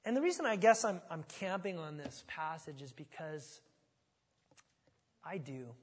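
A man preaching a sermon in a casual, conversational way, swinging from loud pleading to quiet, low asides. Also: lively intonation, a little slow, slightly rough. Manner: conversational, dramatic retelling with big swings in volume. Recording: reverberant hall.

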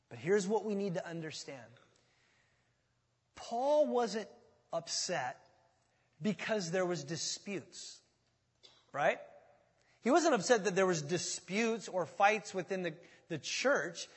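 A man preaching a sermon as pastor, talking in a conversational, animated way and joking with his congregation. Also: high voice, slightly rough, in a large hall.

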